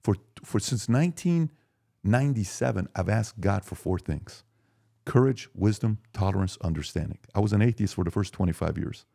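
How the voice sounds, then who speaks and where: A man in his forties, a podcast guest, talking emphatically and telling lively stories in casual conversation. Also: lowish voice, normal speed, vocal fry.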